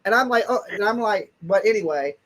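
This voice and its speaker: A man's voice: high-pitched, lively intonation, fairly quick, a bit bright. A man hosting a live call-in show, telling stories in blunt slang with casual swearing.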